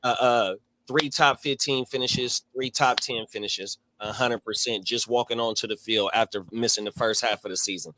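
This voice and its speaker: A man's voice: medium pitch, fairly even intonation, moderate pace, hardly any pauses, bright, forceful tone. A man in casual sports chat, hesitant with many fillers and slang. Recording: noisy line.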